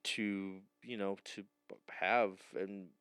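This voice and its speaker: A man's voice: lowish voice, flat delivery, takes it slowly, a bit bright, smooth, no room sound. A man co-hosting a casual podcast, rambling and joking, often stopping mid-sentence and trailing off. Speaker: podcast co-host. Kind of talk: casual chat.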